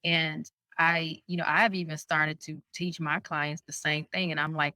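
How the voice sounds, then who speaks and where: A woman co-hosting a casual podcast chat as a coach, animated and quick to laugh, often acting out what others said. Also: low voice, dry recording. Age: adult parent of a young child. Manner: animated, laughs often, acts out quoted speech. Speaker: co-host and coach.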